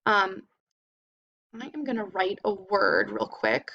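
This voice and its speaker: A woman teacher giving a slow, patient phonics lesson, sounding words out for young children. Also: medium pitch, huge pitch swings, highs cut off.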